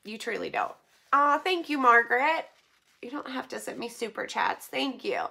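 A woman, chatting on her vlog in a bright, slightly high voice. She talks in loose, filler-heavy sentences and keeps going close to tears, laughing through it. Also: animated, normal speed, creaky, slightly rough. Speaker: vlogger opening donations. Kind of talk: casual vlog chat.

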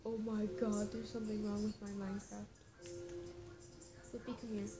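A woman's voice: mid-range voice, level tone, normal speed. A woman giving casual, nervous commentary while playing a game, talking straight to her viewers. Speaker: gaming vlogger. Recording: music playing under the voice.

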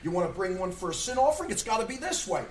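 A man pastor preaching a sermon, emphatic and full of rhetorical questions, at times shouting. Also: high voice, very animated, rapid-fire, a little hiss or hum. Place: church sanctuary. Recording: echoey church room from far off.

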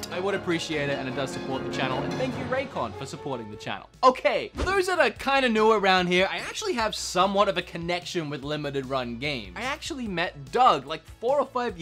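A young man hosting a casual vlog, chatty and enthusiastic, laughing often as he talks. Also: sits high. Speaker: YouTube game collector host.

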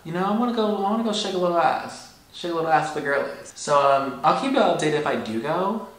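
A man's voice: animated, fast talker, a bit bright. Sassy young man vlogging to camera. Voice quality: fairly high for a man. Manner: sassy, campy, swearing freely. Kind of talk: casual vlog talk to camera. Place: Los Angeles, outdoors and at home. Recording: music playing behind.

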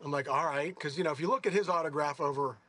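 A sixty-something golfer talks fast in a fairly high voice. His stories in this casual interview wander, and he animatedly revises what he's said as he goes.

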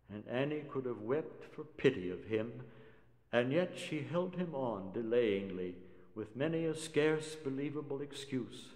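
A male narrator recites verse slowly and theatrically, at an ordinary male pitch. His voice carries a spacious hall reverb that lingers after each phrase. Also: lively intonation. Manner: measured, theatrical. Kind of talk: dramatic poetry recitation.

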